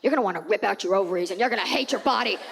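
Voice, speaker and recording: A woman's voice: mid-range voice, racing, vocal fry, a bit bright, slight background noise, voice pushed down. A woman voicing a blunt woman friend who rattles off hard truths, in a reverberant theater.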